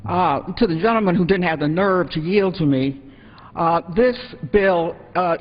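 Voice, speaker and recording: A woman speaking as a delegate in floor debate, halting and repeating words as she starts. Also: on the low side. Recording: dull broadcast sound with long hall reverb.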